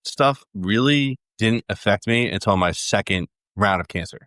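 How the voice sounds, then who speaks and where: A man, a retired police sergeant, talking as a podcast guest in a halting, deadpan way, often restarting his sentences. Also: on the low side, dry recording. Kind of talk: casual podcast conversation.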